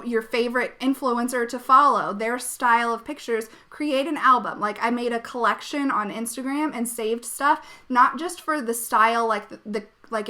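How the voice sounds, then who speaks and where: A young woman hosting a live webinar over a computer mic, with a bright, forceful voice pitched a little high. She talks in a bubbly, chatty way, laughing often and leaning on fillers as she coaches. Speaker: web design coach.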